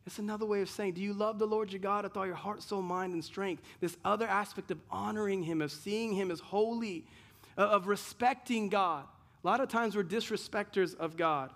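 A man's voice: high-pitched, moderate pace, a bit bright. A man pastor preaching a sermon in an earnest way, full of rhetorical questions and repeated restarts.

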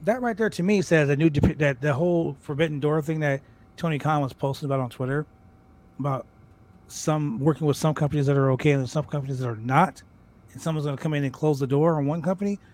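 Excitable rambling male podcast co-host. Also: a little high, fast talker. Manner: excited, rambling, repeats words and swears. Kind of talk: casual wrestling podcast chat.

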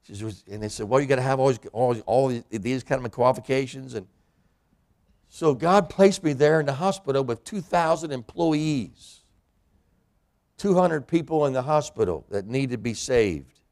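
A man's voice: medium pitch, normal speed, a little mellow. A man preaching a sermon in a church, a pastor and hospital chaplain who acts out the voices of people in scripture.

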